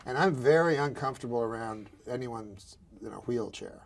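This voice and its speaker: A man doing a comedian's deadpan jokes and a halting, circling talk show story. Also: mid-range voice. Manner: deadpan, halting, circling back over his own phrases. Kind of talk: deadpan joke delivery and rambling anecdote.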